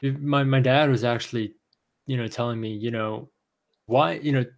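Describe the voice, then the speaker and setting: A man's voice: medium pitch, fairly even intonation, normal speed, creaky. Hesitant man chatting on a podcast. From Taiwan. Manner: hesitant, many restarts and fillers. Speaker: podcast co-host. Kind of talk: casual chat.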